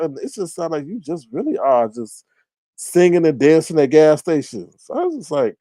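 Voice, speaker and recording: A man in a lively, casual livestream chat, his fairly high voice swinging up and down as he reads out viewer comments. The sound is dry and close with no room around it. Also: normal speed, no echo. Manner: animated, chatty, reads viewer comments aloud. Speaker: livestream host. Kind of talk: casual live-stream commentary.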